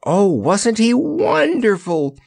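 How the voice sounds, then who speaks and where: A man's voice: mid-range voice, sing-song, unhurried, no echo, studio quality, voice pushed up. A man voicing a spirited, plucky young woman in a storybook reading, with a lifted eager delivery.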